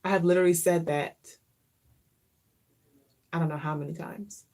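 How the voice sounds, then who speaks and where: A woman vlogger chats casually and from the heart, her mellow voice sitting slightly low. She grows reflective and openly emotional, repeating phrases for emphasis while keeping a steady tone and moderate pace with frequent pauses.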